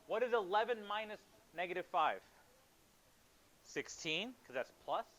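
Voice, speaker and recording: A man teaching a high school math class, quizzing students and joking with them in a classroom. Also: animated, unhurried, a bit bright. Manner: instructive, asks students questions.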